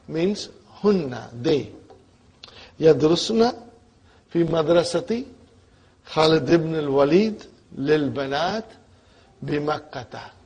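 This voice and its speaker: Slow, husky male grammar teacher. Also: fairly high pitch, darkish tone. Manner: quizzes students with frequent prompting checks; patient, repeats terms slowly. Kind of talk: classroom grammar lesson.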